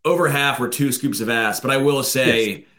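A male co-host in a casual sports podcast who jokes easily and pushes back when he disagrees. His voice sits at an ordinary middle pitch for a man. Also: moderate pace, a loud crowd. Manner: laid-back, joking, pushes back.

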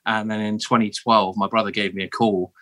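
A man's voice: on the low side, level tone, a little fast, a bit bright. A British man telling his story as a podcast guest, chatty and laid-back, often dropping "man" and "um". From United Kingdom. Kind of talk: casual interview storytelling.

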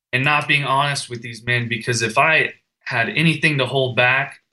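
A man's voice: mid-range voice, bright, forceful tone, poor audio. A young man telling an earnest, emotional personal story as a firefighter guest in a podcast conversation.

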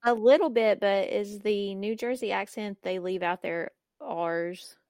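A woman's voice: medium pitch, a little slow, a little mellow, smooth. A woman with a Southern US accent co-hosting a podcast, giving brief reactions and laughing easily. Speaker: podcast co-host. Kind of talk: casual podcast chat.

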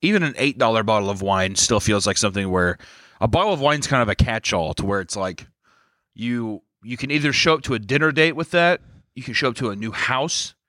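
A man's voice: medium pitch, expressive, fairly quick, sharp tone, dry recording, studio quality. A man co-hosting a podcast, trading crude jokes in casual comedic chat. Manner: crude, joking banter. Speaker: podcast co-host.

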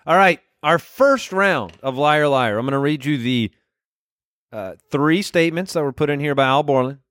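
A man hosting a comedy podcast who talks playfully, laughs often and fires off quick questions in casual banter. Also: on the high side, expressive, fairly bright tone, no room sound, clean studio sound. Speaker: podcast host.

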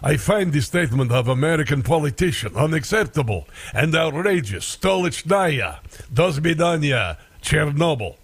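A man putting on a mock Russian accent to play an indignant male ambassador, slow and mocking. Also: a little high, sing-song, husky, heavily acted.

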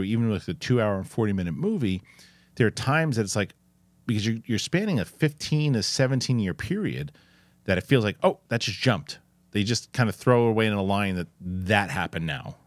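A podcast co-host with a lowish voice chats casually about a film, rambling, restarting often and swearing now and then. There's no room sound.

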